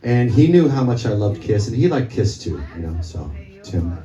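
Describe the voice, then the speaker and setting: Between songs at a small club show, a male musician tells a loose, rambling, profane story to the crowd in a dark, mellow, fairly low voice with a sing-song lilt and moderate pace. He's picked up from a distance, the audio is dull, and the room's echo rings around every word.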